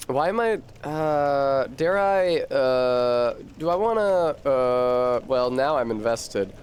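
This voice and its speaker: A man's voice: medium pitch, expressive, slow pace, darkish tone, slight background noise. A man streaming a game, chatting casually in a profane, rambling way and laughing often. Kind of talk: casual gameplay chat.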